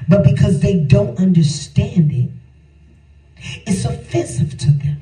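A man's voice: sits high, expressive, a little slow, pauses often, warm tone, far from the mic. A man preaching a sermon, repeating his lines for emphasis and calling out to the congregation. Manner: call-and-response preaching, repeats phrases for emphasis. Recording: echoey room, voice from off-mic.

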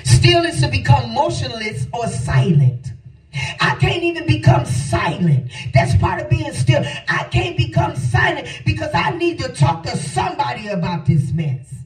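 A woman's voice: high-pitched, sing-song, measured pace. Older woman preaching in a roomy hall. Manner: impassioned sing-song preaching with shouted phrases. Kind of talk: sermon. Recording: echoey hall, voice from a distance, faint music.

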